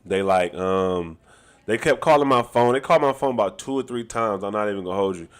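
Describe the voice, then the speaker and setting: Male streamer, loud and animated, lowish voice, casual slangy chat. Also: a little fast, clear, resonant tone. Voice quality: talks loud. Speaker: dancer and streamer.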